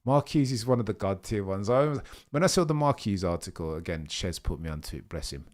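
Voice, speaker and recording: A man's voice: on the low side, animated, brisk, a little mellow. A young man hosting a live watchalong stream, chatting casually and answering viewers' messages. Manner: chatty, reads chat messages aloud and answers them. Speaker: livestream host.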